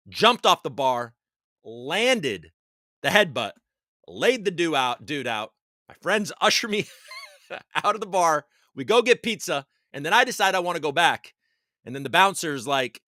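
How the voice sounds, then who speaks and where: Male streamer host, loose and chatty, bright tense tone, dry mic. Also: on the high side, very animated, unhurried, dry recording. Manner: loose, chatty and swearing, with laughs and shout-outs. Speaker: livestream host. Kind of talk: casual livestream chat, reading out viewer comments. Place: home basement.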